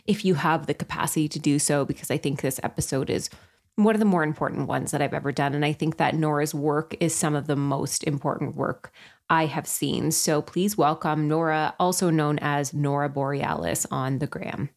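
A woman's voice: deep voice, steady tone, normal speed. A woman hosting a podcast, introducing her guest and interviewing her in an earnest, affirming way over a call. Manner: earnest and affirming, many "yeah"s. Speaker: podcast host. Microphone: remote call.

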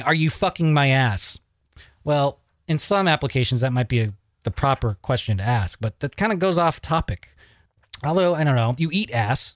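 A man's voice: fairly high pitch, no echo, studio quality. A man hosting a podcast in a loose, joking way, swearing casually as he talks. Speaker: podcast host.

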